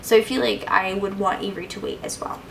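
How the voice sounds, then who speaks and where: A young woman answers viewer questions in a casual vlog, gushing and chatty with lots of "like"s and fillers. She talks fast in a medium, steady pitch with a creaky quality. The low-quality recording carries a faint hiss or hum.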